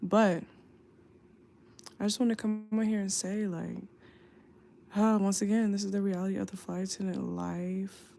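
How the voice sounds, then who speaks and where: Young woman, worn out and aching, drawling late-night livestream chat into her phone, with a gravelly edge. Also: medium pitch, little pitch movement, dark tone, a little hiss or hum. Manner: slow, tired, drawling talk with lots of fillers. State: sleepy and in back pain. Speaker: flight attendant livestreamer. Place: home at night. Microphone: phone mic, off screen.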